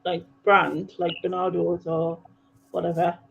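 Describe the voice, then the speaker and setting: A woman's voice: lowish voice, flat delivery, unhurried, gravelly, a bit bright, a little hiss or hum, rough recording. A woman hosting a livestream, chatting loosely and laughing easily. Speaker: livestream host. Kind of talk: casual livestream chat.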